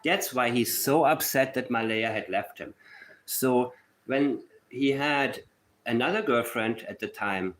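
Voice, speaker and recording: A man's voice: medium pitch, a little slow, a bit bright. Sarcastic man hosting a livestream. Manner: sarcastic, mock-emotional; reads letters aloud in a syrupy mocking tone. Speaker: livestream host. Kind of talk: true-crime livestream commentary.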